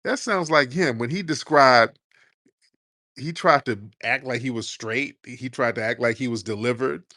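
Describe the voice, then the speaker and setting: A man's voice: medium pitch, normal speed, pushed and bright, no echo, studio quality. A man hosting a comedic commentary show, talking in a blunt, casual, mocking way and laughing often. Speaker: host.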